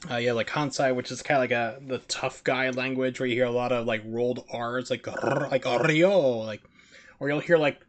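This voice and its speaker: Male streamer, American, casual rambling commentary, average pitch. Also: fairly even intonation, fairly quick. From United States. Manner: rambling, filler-heavy chat with put-on voices. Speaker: game streamer.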